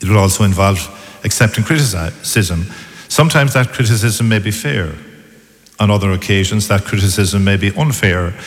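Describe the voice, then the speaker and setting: A man, a priest, giving a measured sermon in short phrases in a church. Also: on the low side. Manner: measured, calm homily delivery in short phrases. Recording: long church reverb.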